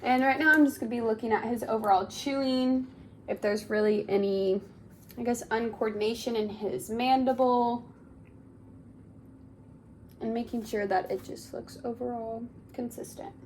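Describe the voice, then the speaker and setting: A speech therapy student examiner, a young woman with a fairly high pitch, fairly even intonation and moderate pace, walks someone through a clinical exam. She is polite and encouraging, says "awesome" often, and a little hiss or hum is audible.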